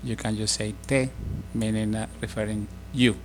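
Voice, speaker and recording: A middle-aged man giving a casual spoken language lesson, explaining slowly with many fillers and restarts. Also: fairly low pitch, flat delivery, a little hiss or hum. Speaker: language teacher.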